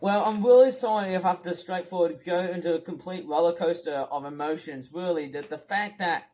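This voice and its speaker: A man with a high voice on an angry commentary rant. He scolds loudly in some stretches. In others he rambles, repeating words and restarting his sentences. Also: a little fast. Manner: shouts scolding lines. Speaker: commentary ranter. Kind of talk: angry rant over stream footage.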